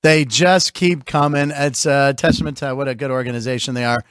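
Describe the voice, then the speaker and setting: A man hosting a casual sports talk show, chatty and jokey with quick asides. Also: mid-range voice, fairly even intonation, a bit bright, clear, resonant tone, no echo. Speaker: host.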